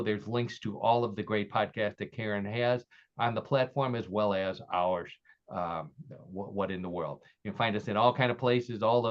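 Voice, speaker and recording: Male podcast host, chatty and loose, dull lo-fi sound. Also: on the low side. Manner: chatty, with restarts. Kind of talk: casual podcast hosting, reading quiz stories. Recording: dull lo-fi audio.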